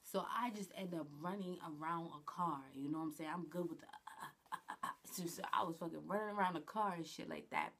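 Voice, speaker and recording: A woman's voice: on the low side, fairly quick, creaky, slight background noise. A woman vlogger telling a personal story in a casual, blunt, slangy way, swearing often. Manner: blunt, slangy, swears a lot, animated retelling.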